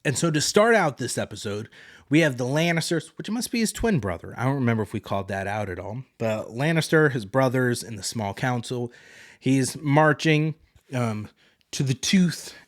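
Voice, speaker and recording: Male podcast host, mid-range voice, relaxed chatty recap with loose paraphrase. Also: medium pitch, normal speed. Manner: loose, rambling retelling with paraphrased quotes. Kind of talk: casual TV episode recap.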